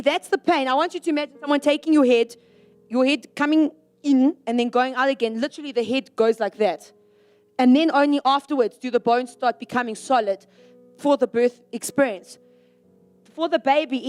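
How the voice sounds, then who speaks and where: A young woman giving an animated youth sermon to a live audience, acting out short exchanges with God. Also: sits high. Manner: animated, acts out little voices for God and herself. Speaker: youth speaker.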